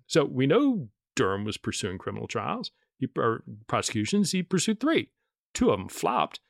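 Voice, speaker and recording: A man co-hosting a podcast, explaining at length in a measured way with dry humor. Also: a little high, very animated, gravelly, dry recording. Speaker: podcast co-host. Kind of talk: casual explanatory podcast chat.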